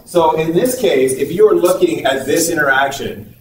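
A man's voice: fairly high pitch, a little mellow. A male university lecturer giving a conversational classroom lecture, acting out little dialogues as examples. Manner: conversational, acts out little dialogues with quick asides. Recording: echoey room, picked up from a distance with faint noise.

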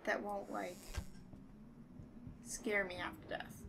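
A woman's voice: mid-range voice, level tone, slow, gravelly, noisy background. A woman giving casual, joking commentary while playing a horror game, swearing freely as she goes. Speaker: let's play gamer.

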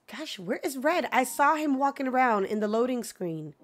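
A woman who streams video games live chats with her viewers, laughs a lot and talks back to the game characters into her mic. Her voice is fairly high and sing-song, a little fast with hardly any pauses, and faint music plays behind her.

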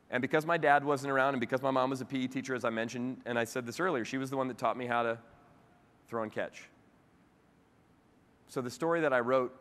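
A man's voice: medium pitch, fairly bright tone. A man giving a keynote speech to a convention, telling a personal story and acting out the voices of the people in it. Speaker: keynote speaker. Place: large convention hall. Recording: long hall reverb.

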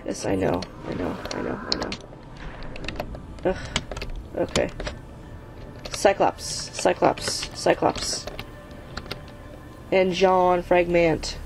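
A woman's voice: fairly low pitch, darkish tone, a little hiss or hum. A woman hosting her own gaming channel, giving let's play commentary while she plays, exasperated and swearing at the game, often chanting the same urging words over and over. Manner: chants repeated urging phrases.

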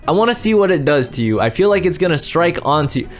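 A young man giving excited gameplay commentary, jumping between calm talk and loud shouting and laughter. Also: fairly high pitch, fast. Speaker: gaming YouTuber.

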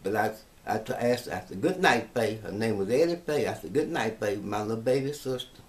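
A man's voice: fairly low pitch, expressive, fairly quick, recorded from a distance. A man giving a preaching testimony with a preachy manner. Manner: preachy, answers with amens and mm-hmms.

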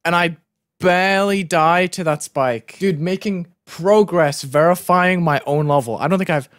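A man's voice: sits high, measured pace, no room sound, clean studio sound. A young British man talking in a put-on American accent, commentating his own game live on stream and yelping at his deaths. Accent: American, put on over a British one. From Britain. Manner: excitable, yelps and shouts at in-game deaths. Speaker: gaming streamer.

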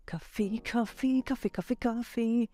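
A woman voicing a cheeky cat-girl, squeaky and excitable. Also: measured pace. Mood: greedy. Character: young woman turned cat, cheeky and greedy. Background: soft electronic backing music.

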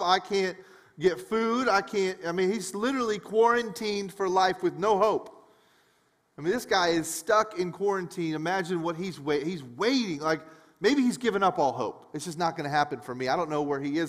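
Guy preaching a laid-back sermon, kinda high voice, lots of echo like a big church hall. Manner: joking, chatty, animated retelling. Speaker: pastor. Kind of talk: casual conversational sermon.

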